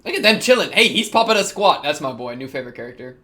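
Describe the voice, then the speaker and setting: Young guy reacting to anime, kinda high voice, keeps laughing and yelling at the characters. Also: fast talker. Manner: excitable, laughs often, talks to the characters on screen. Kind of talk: casual reaction commentary.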